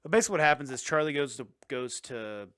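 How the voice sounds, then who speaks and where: A man co-hosting a casual movie podcast, recapping scenes in a relaxed, crude way. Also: medium pitch, clear, resonant tone. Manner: laid-back, crude, recaps scenes with quick impressions. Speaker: podcast co-host.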